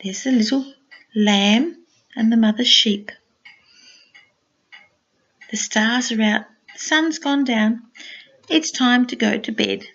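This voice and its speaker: Older grandmother reading to a small child; gentle, sing-song, unhurried, higher voice. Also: vocal fry, highs cut off. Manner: gentle, sing-song storytelling with soft asides. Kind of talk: reading a picture book aloud to a small child.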